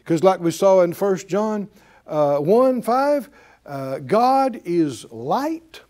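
A man's voice: high voice, sing-song, takes it slowly, warm tone. A man preaching a sermon as a Bible teacher, emphatic and folksy, repeating key words and chuckling often.

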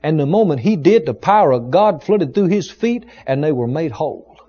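Man, pastor, sermon, animated delivery, emphatic, muffled recording. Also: on the high side, normal speed, breathy edge. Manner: emphatic, dramatic retelling with rising shouts.

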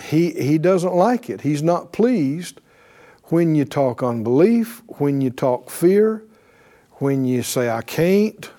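Animated man preaching a sermon. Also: fairly high pitch, slow. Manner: animated, calls for responses with "right?"; acts out voices of believers speaking faith.

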